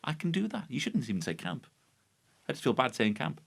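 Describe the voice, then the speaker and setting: An Irish-accented podcast host recaps a baking show in a studio, delivering a sarcastic, sweary, mock-outraged monologue. His mid-range voice swoops wildly in pitch, runs a little fast, and sounds creaky and slightly rough.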